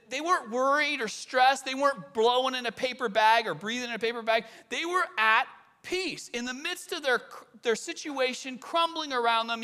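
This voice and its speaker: A high-pitched male pastor from the California Bay Area gives a conversational sermon full of stories. He swings animatedly between loud emphasis and quiet asides.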